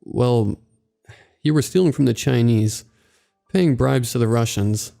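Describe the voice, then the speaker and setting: A man voicing a gruff, gossipy older mover who speaks in grim warnings. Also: medium pitch, unhurried, warm tone, faint music behind. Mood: ominous.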